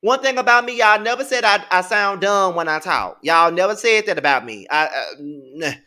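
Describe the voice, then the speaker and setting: A man's voice: high voice, normal speed. Sassy Mississippi-accented man in his thirties. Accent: Southern US (Mississippi). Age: 30s. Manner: sassy, profane, animated. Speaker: TV show reviewer. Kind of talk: casual recap commentary.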